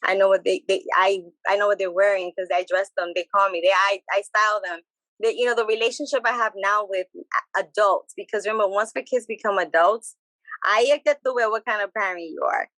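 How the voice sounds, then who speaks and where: Lively bilingual woman, bright voice. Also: medium pitch, fairly quick, dry recording, rough recording. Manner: animated, switches between English and Spanish, repeats phrases. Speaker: podcast guest. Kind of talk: casual chat.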